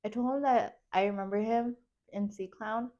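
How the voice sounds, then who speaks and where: A young woman, co-hosting a casual podcast chat and telling stories in an animated, giggly way with quoted dialogue. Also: a little high, normal speed, lo-fi sound. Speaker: podcast co-host.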